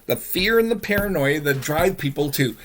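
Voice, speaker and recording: A man's voice: fairly high pitch, expressive, normal speed, crowd noise. A man co-hosting a podcast, ranting in casual chat with lots of swearing. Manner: profane, ranting. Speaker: podcast co-host.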